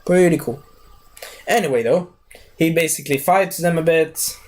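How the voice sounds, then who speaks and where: A man's voice: a little high, moderate pace. A young man reviewing a cartoon series in a loose, chatty, digressive way. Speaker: video reviewer. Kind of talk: casual rambling review.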